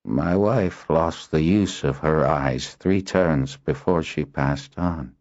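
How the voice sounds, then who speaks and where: A man voicing a gruff, stubborn old male handler who talks slowly and softly, in an audiobook. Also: a bass voice, no echo. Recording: dull lo-fi audio.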